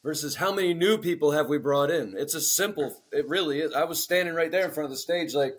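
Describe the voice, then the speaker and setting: A man in his forties co-hosting a podcast, telling profane, animated stories in casual chat and acting out the people he quotes. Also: fairly high pitch, fast talker, husky. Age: 40s. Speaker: podcast co-host.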